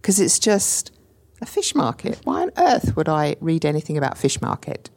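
A woman's voice: low-pitched, moderate pace, vocal fry. A woman with a mixed English and New Zealand accent, chatting emphatically as a podcast guest. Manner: animated, emphatic storytelling. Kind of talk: enthusiastic interview chat.

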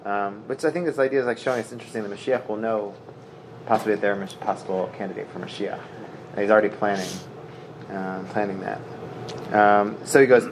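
A man's voice: fairly low pitch, fast talker, a little hiss or hum. Casual man teaching Talmud, translating as he goes. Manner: casual storytelling, translating Aramaic phrase by phrase, many fillers.

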